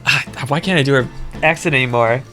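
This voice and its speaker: A man's voice: medium pitch, fast talker, sharp tone, soft background music. A young man narrating a game let's play, laughing often and mocking his own reading. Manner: giggly, self-mocking. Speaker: gaming video creator.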